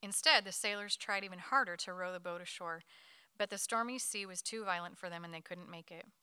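A woman leading a Bible study, reading a scripture passage aloud to her group at a quick pace. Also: fairly low pitch, clean tone, dry recording, studio quality. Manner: quick, lively reading with light laughs.

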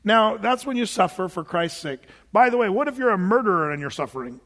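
A man's voice: high-pitched, expressive, a little fast, a bit bright, big-room sound. A middle-aged male pastor preaching a sermon in a church, reading scripture aloud and talking to his congregation in a conversational, joking way. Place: church sanctuary.

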